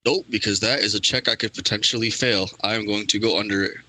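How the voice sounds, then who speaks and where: A man's voice: fairly low pitch, steady tone, quick pace, pushed and bright, no room sound, low-quality recording. A man playing a tabletop game, describing his moves in a matter-of-fact, wry way. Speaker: player.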